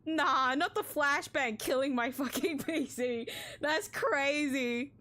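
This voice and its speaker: A woman's voice: high voice, takes it slowly, sharp tone. A woman streaming a game casually, swearing freely and laughing often, with a slight cough.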